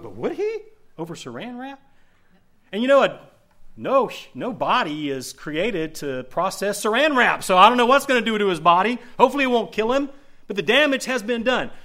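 A man preaching a sermon as pastor, telling a story with animated swings between loud emphasis and hushed asides. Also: high-pitched.

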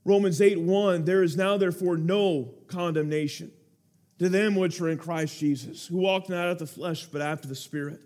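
A man's voice: sits high, steady tone, moderate pace, a little mellow. A man preaching a sermon, telling a story with earnest feeling and building to urgent appeals to his listeners.

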